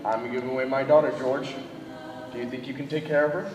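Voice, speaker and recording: Student actor as a soothing father of the bride, calm and reassuring, distant echoey hall. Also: mid-range voice, fast talker, dull audio, lightly acted. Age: teens. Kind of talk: stage acting.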